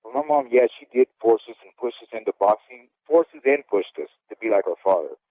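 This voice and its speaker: A man's voice: mid-range voice, expressive, a little fast, dry recording. A man in his fifties, a former boxer, telling his life story in an interview in a candid, rambling way, often asking "okay?". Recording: dry, phone-like audio.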